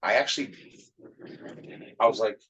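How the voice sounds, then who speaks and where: Deep husky man telling a story. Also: normal speed, muffled recording. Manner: animated storyteller, quotes people in the story. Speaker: yeshiva staff member. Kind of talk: casual storytelling in conversation.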